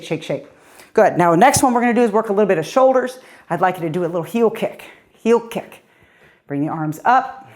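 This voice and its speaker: A woman's voice: on the low side, a little mellow. A middle-aged woman fitness coach leading a guided workout, upbeat and encouraging, a little out of breath as she exercises along.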